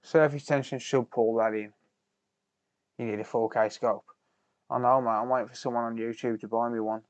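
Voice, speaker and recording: A man's voice: mid-range voice, steady tone, moderate pace, no room sound, dull audio. A man, chatting casually with viewers while doing repair work, swearing under his breath and bantering. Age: 30s. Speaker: repair streamer. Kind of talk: casual live-stream chat while soldering.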